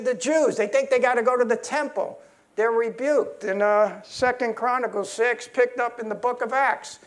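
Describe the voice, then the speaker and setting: A man preaching a sermon in a heated, emphatic way, often restarting his sentences. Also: extremely high pitch.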